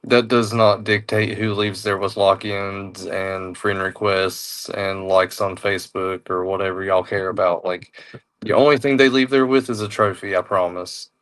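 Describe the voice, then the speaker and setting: A man's voice: low voice, steady tone, moderate pace, fairly bright tone. A man co-hosting a casual talk show, speaking in an easygoing, reassuring way with lots of "you know.".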